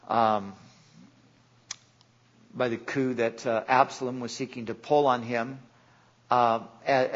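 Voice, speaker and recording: A man's voice: mid-range voice, highs cut off. A man preaching a sermon in an earnest way, sometimes acting out the voices in the stories he tells. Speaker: pastor.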